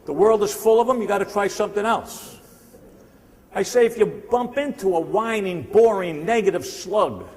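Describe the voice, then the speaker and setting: With a high-pitched voice, a man in his sixties delivers a live motivational sales seminar to an audience in a big hall. His style is punchy and repetitive, and he teases the crowd; the recording carries long reverb and a little hiss or hum.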